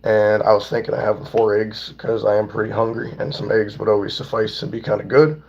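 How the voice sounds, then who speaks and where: A young man with a hoarse, worn-out voice, chatting loosely and profanely on a livestream and greeting viewers by name. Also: on the low side, fairly even intonation, fairly quick, darkish tone. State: hoarse, voice nearly gone. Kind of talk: casual livestream chat. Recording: dull lo-fi stream audio.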